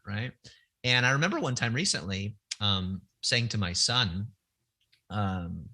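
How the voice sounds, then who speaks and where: A middle-aged man speaks as a podcast guest, candid and searching, often starting a sentence over before finding his words. His voice is husky and bright, sitting a little low for a man. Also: moderate pace. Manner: candid, searching, frequent restarts. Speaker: guest author. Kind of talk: reflective podcast conversation.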